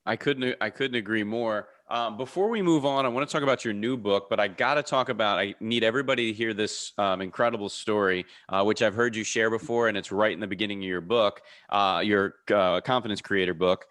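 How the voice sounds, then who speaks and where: Lower-voiced man hosting a podcast. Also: fairly bright tone. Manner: friendly, halting with many fillers. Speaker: podcast host. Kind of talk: interview questions, casual chat.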